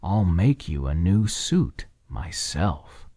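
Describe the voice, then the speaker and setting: A man plays a deep-voiced, sly frog tailor in a hushed whispered role-play. He coaxes slowly in a dark, husky tone, very close and dry. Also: very animated, no room sound, heavily acted. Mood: coaxing. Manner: coaxing, slow and drawn out. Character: big-mouthed male frog tailor, sly and jolly.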